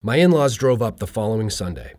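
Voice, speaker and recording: A man reading his own humorous personal essay with a dry, deadpan delivery. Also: on the low side, brisk, no room sound. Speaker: narrator.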